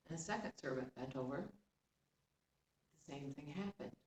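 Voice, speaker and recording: A woman tells a folktale in an expressive voice that sits a little low, turning now and then to chat with her listeners. She is heard from a distance in a roomy space, with a faint hum of ambience behind her. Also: fairly quick. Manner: expressive, with chatty asides to listeners. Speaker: storyteller. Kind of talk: oral folktale storytelling.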